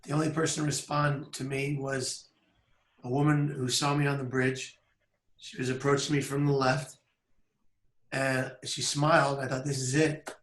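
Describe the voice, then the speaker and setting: A man in his thirties telling a personal story on camera in an earnest, measured way with pauses. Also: mid-range voice, level tone, a bit bright, reverberant. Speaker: public speaker. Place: outdoors by a bridge.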